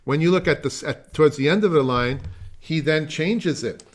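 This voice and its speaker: A man's voice: a little high, moderate pace. A man teaching a music masterclass over a video call, explaining at length, trailing off into asides and singing phrases to demonstrate them. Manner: explanatory, digressive, sings phrases.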